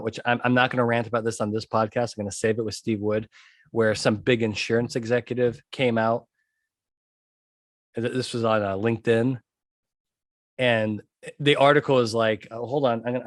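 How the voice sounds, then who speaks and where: A man hosting a litigation psychology podcast, ranting in a lively, animated way and laughing often. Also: mid-range voice, no room sound, clean studio sound. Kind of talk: solo podcast rant.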